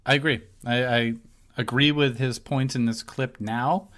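A man's voice: mid-range voice, steady tone, measured pace, a bit bright. A man co-hosting a podcast, talking casually and rambling as he searches for words. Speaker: podcast co-host. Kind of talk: casual discussion.

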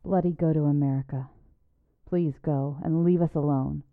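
Woman doing a fed-up angry man, low gravelly voice, begging them to go. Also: fairly even intonation, moderate pace, no room sound, narrow, tinny audio. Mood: bitter. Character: angry grown man throwing someone out.

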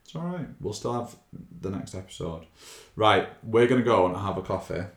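A man with a Wigan accent, co-hosting a podcast in casual chat, with a monotone voice and dry self-deprecating humor. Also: fairly low pitch, normal speed. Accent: Wigan, northern English. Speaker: podcast co-host, fitness instructor. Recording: roomy echo.

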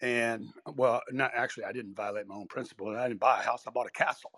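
A man's voice: mid-range voice, steady tone, fast, sharp tone, dry recording. A man chatting casually in an online audio room, brash and blunt, and swearing freely. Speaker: guest.

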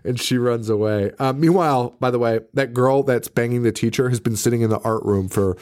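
A man in loose podcast chat about a horror film, his voice sitting at an ordinary middle pitch. He curses freely, laughs often and slips into quick impressions of the characters as he retells the plot. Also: darkish tone. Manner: profane, laughing, acts out characters' lines. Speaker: podcast co-host. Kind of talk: casual movie-recap chat.

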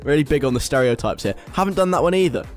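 Speaking quickly and with animation, this young British radio host has a slightly high voice. Over faint background music, he reads out a list and mocks it in wry, chatty radio banter.

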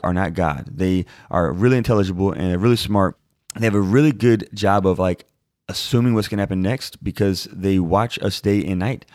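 A man's voice: low voice, a little mellow, no echo, studio quality. A man in his thirties reading Scripture aloud and then explaining it in a chatty, informal way to answer a viewer's question. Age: 30s. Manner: chatty and informal, with fillers like "like" and "y'all". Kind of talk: Bible reading and casual teaching.

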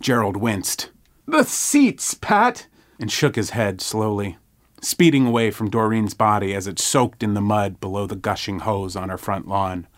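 A man's voice: fairly low pitch, fairly even intonation. Man narrating a horror story. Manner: measured, dramatic storytelling. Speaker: podcast host and storyteller.

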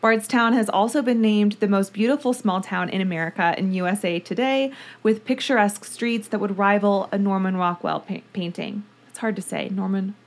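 A woman's voice: medium pitch, normal speed. A woman co-hosting a true-crime podcast, telling the case in a chatty, casual way. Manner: chatty, storytelling. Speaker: podcast co-host.

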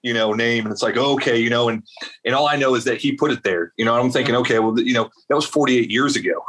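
A man's voice: medium pitch, fast. Rambling storytelling man. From South Carolina. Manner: rambling, animated storyteller with many fillers. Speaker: veterans advocate guest. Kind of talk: storytelling interview.

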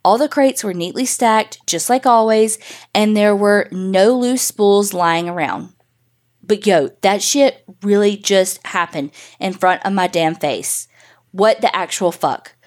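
A woman's voice: mid-range voice, a little slow, a little mellow. Casual, profane woman telling a spooky story. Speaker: podcast host reading a listener story. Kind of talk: first-person story reading.

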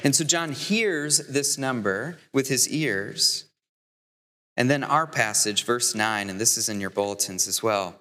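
A man preaching a sermon as deacon, earnest, building to emphatic peaks and slowing on key phrases. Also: medium pitch, lively intonation, pushed and bright. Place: church. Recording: long hall reverb.

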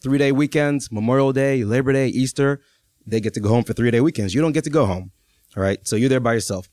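A man in his thirties from Texas, USA, tells a personal story to a live audience in a fast, mid-range voice with a darkish tone. He's chatty and conversational, often checking in with listeners, and the studio-quality recording has no room sound.

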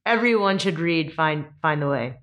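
A woman interviewing a guest, asking questions eagerly and excitedly. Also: low-pitched, normal speed. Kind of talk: interview conversation.

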